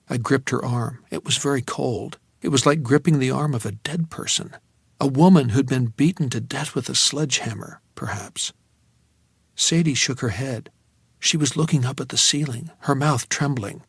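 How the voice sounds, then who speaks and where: A man reading a novel aloud as an audiobook narrator, in a measured storytelling manner. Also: medium pitch, creaky, fairly bright tone, husky, dry recording.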